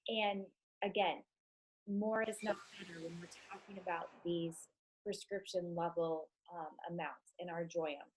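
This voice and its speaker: A woman's voice: on the low side, steady tone, unhurried, a little hiss or hum, low-quality recording. A chatty, enthusiastic woman with a stuffed-up nose, talking casually to her team on a live stream, with many ums.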